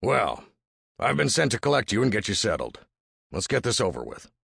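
A man voicing a gruff, skeptical older frontier trapper with a husky, gravelly voice and a mocking drawl in a storybook narration. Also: lowish voice, sing-song, normal speed, a bit bright, no echo, studio quality, full character voice. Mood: stern.

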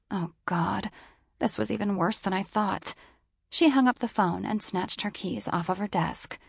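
A woman's voice: mid-range voice, measured pace, vocal fry, breathy edge, dry recording, clean studio sound. A woman narrating a first-person novel in a wry, sardonic storytelling manner. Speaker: audiobook narrator.

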